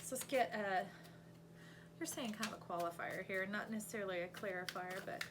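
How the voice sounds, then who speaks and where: A woman who reads tarot intuitively talks a little fast at an ordinary middle pitch, coaching and urging the listener on through a spread in an animated monologue. She voices the cards and now and then breaks into sudden loud, emphatic outbursts. A faint hum runs beneath the recording.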